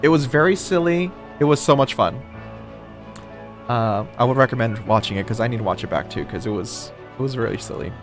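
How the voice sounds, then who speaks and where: A man's voice: mid-range voice, brisk, over music. A man streaming a video game live, chatting casually and greeting viewers by name.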